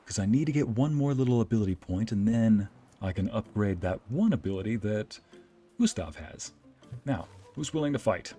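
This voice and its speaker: A man's voice: on the low side, lively intonation, normal speed, warm tone, slightly rough, faint music behind. A man streaming a let's play, commenting playfully, joking and reading game dialogue aloud. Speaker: VTuber streamer and narrator.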